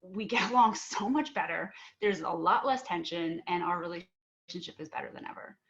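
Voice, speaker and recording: On a panel, a young adult woman speaks at normal speed in a fairly low voice with vocal fry and a touch of brightness, over dull audio. Her earnest personal story includes acting out both sides of an argument, with fillers and restarts along the way.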